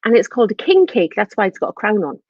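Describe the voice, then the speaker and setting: A woman teaching French words to children in an online lesson, repeating each word in a lively, sing-song way. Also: medium pitch, quick pace, husky, no echo, highs cut off.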